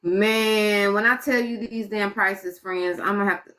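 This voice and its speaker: Bright-voiced exasperated woman streamer. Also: medium pitch, fairly even intonation, unhurried. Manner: exasperated, muttering asides to viewers. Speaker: live streamer. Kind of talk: casual live-stream chat.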